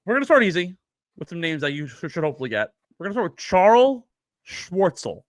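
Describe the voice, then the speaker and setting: A man's voice: sits high, big pitch swings, quick pace, dry recording. A man co-hosting a casual podcast, who teases the other host and quizzes him.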